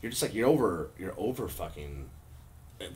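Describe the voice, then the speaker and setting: A young man hosting a casual chat, joking and swearing freely as his voice jumps around. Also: moderate pace. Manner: animated, jokey, swears freely, pitch jumps when joking.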